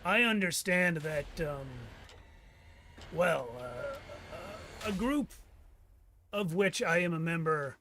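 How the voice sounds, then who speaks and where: A man voicing a grim, businesslike male gang member in a tabletop game, speaking formally with slow, measured hesitations. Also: fairly high pitch, expressive, background noise.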